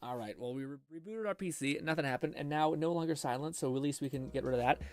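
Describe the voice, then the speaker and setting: A man streams live from his home computer, talking casually with viewers as he rambles and swears his way through troubleshooting the PC. His voice is fairly high, quick, and a little mellow.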